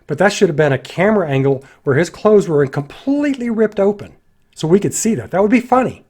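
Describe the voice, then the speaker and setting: A man giving a casual spoken film critique, critical and animated, acting out lines of dialogue in his own voices. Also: high voice, a little fast, breathy edge, faint music behind. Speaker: movie reviewer.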